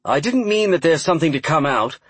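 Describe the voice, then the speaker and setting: A man's voice: fairly high pitch, animated, quick pace, fairly bright tone, slightly rough, dry recording, voice pushed up. Man doing a stiffly proper political aide. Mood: evasive. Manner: well-practiced proper voice, hiding accent.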